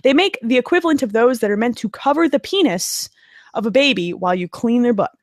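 Lively, joking woman podcast host. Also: a little high, a little fast, no room sound, studio quality. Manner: animated, profane, joking. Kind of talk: casual chat.

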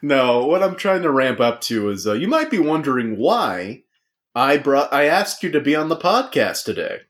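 A podcast host speaks in a sing-song, medium-pitched voice at a moderate pace. He keeps his comedic show casual and jokey, opening with a sportscaster-style voice, recorded via remote call.

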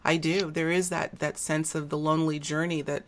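A woman hosting an interview, chatty and quick to laugh, losing her voice and clearing her throat. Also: sits low, flat delivery. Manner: chatty, laughs often, many fillers. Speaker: podcast host. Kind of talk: casual interview chat.

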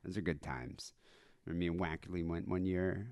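A man's voice: sits low, normal speed, no room sound. A man in his thirties who grew up in South Africa, telling stories in casual podcast chat with lots of restarts. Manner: animated storyteller, frequent restarts. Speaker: podcast co-host.

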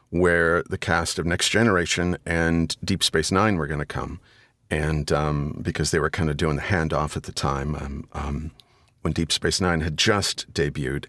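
A middle-aged man with a very deep voice tells a story as a podcast guest. He is animated and swears freely, and breaks into loud, high-pitched asides. The sound is dry and close to the mic. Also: dry recording. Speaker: audiobook narrator and guest. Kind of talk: casual storytelling interview.

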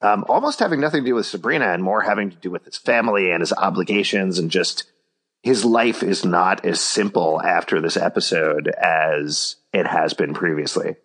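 Deep-voiced man joking through a podcast recap. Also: moderate pace, a bit bright, breathy edge. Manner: jokey, thinks aloud with many fillers. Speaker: podcast host. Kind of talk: casual podcast recap chat.

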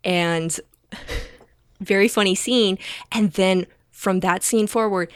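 A woman's voice: medium pitch, steady tone, slow pace, clean tone, no echo. A woman co-hosting a casual chat, gushing with enthusiasm and leaning on lots of fillers. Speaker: podcast co-host.

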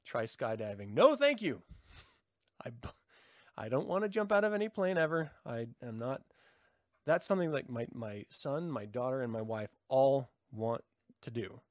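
A man's voice: normal speed, dry recording, clean studio sound. A middle-aged man rambling and joking in casual chat with his live viewers, laughing often. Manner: animated, jumps in pitch. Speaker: livestream host.

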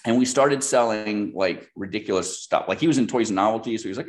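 A man's voice: on the low side, animated, brisk, few pauses. A middle-aged man, a guest telling a business story in a casual interview, rambling with fillers and acting out the people he quotes. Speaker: guest, software business founder.

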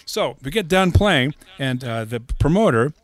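A man, a touring drummer and podcast guest, telling animated anecdotes and acting out the voices of the people in them. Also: fairly high pitch, measured pace, no room sound. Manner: animated anecdote teller, acts out the voices in his stories. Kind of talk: casual storytelling chat.

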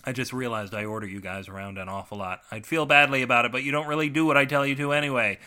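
A man hosting a comic podcast and reading his own short story, full of sardonic, self-mocking deadpan asides. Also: fairly high pitch, fast talker, hardly any pauses.

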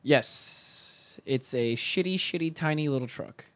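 A man's voice: fairly high pitch, a little slow, sharp tone, no room sound. A young man co-hosting a podcast, bantering in a crude, joking way. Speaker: podcast co-host. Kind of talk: casual chat.

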